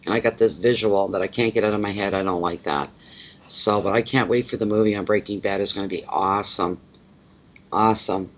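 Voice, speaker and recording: A man from Canada hosts a relaxed live stream as a tarot reader, chatting with viewers and greeting them one by one. He rambles and often repeats his words. The audio is a little muffled and lo-fi. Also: on the low side, a little fast. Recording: slightly dull lo-fi audio.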